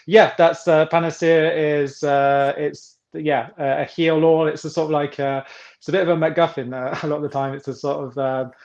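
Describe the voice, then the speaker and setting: A man's voice: a little high, level tone, normal speed, darkish tone, highs cut off. A middle-aged man from England, a guest author speaking casually in a rambling way, with many restarts and fillers. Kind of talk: casual interview chat.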